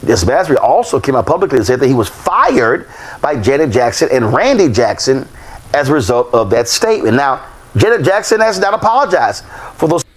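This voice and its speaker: Lively-voiced man hosting a talk show. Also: medium pitch, fairly quick. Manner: lively delivery with many uh fillers and restarts. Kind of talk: reading news and telling a story on his show.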